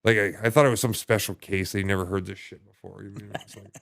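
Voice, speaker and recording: A man telling his story as a podcast guest in casual conversation, halting and profane, full of restarts and fillers. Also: fairly low pitch, level tone, creaky, a bit bright.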